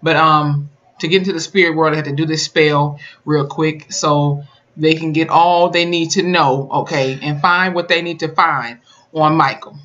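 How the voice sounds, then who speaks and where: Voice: mid-range voice, fairly even intonation, moderate pace, a bit bright, lo-fi sound. A YouTuber recapping and reviewing a TV episode in a casual, colloquial way, telling the story with lots of emphasis. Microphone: camera mic.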